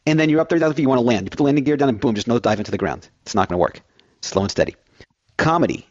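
A man's voice: mid-range voice, rapid-fire, no echo, highs cut off. A man filling in as host of a financial radio show, rambling through everyday analogies.

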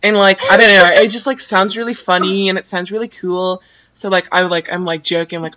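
A woman's voice: fairly low pitch, steady tone, fairly quick, bright, forceful tone, muffled recording. A teenage girl from San Diego, chatting as a podcast guest and rambling with lots of "like". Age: teens. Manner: rambling, says like constantly. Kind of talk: casual chat.

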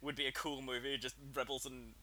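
A man co-hosting a podcast film review in casual chat, joking around and halting with restarts. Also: mid-range voice, little pitch movement, pushed and bright.

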